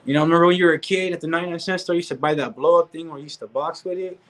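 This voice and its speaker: A man's voice: a little high, fairly even intonation, very fast, low-quality recording. Slangy man ranting live. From California. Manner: slangy, repetitive, full of restarts and "homie, dog" asides. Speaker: reaction streamer. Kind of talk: casual live-stream rant.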